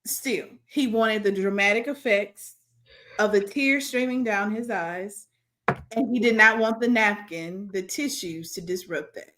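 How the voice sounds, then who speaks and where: A woman co-hosting a casual chat podcast, joking and firing off quick bursts of commentary. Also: medium pitch, a bit bright. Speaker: podcast co-host.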